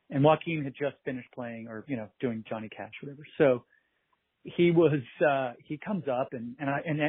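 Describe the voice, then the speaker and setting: Husky gravelly man telling stories. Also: mid-range voice, dry recording. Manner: animated anecdotes, quotes others, laughs often. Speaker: festival producer. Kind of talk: casual interview storytelling. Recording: tinny phone-like line.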